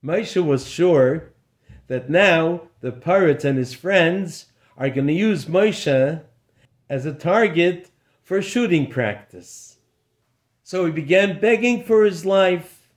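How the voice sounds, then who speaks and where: Slow, expressive male storyteller. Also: a little high. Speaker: rabbi storyteller. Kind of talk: storytelling narration.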